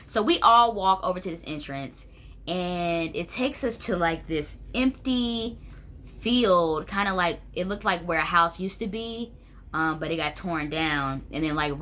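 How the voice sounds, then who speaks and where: A woman's voice: lowish voice, pushed and bright. A young woman telling a personal story to camera, chatty and full of "like" and "um". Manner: chatty, many fillers like "like" and "um". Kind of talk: casual storytelling.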